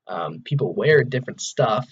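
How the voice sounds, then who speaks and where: Speaking to camera in his room, a Wisconsin man in his twenties rambles in an American accent, restarting often and saying "like" a lot. His vlog voice is medium-pitched with lively intonation, a moderate pace and a breathy edge, though the audio sounds muffled.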